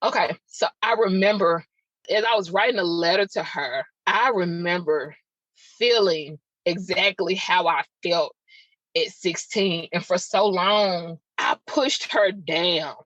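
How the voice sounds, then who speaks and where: A woman speaks a little slowly in a lowish, fairly bright voice, hosting a podcast where she tells an emotional, raw personal story and drops chatty asides to her audience. The recording is dull, lo-fi and dry.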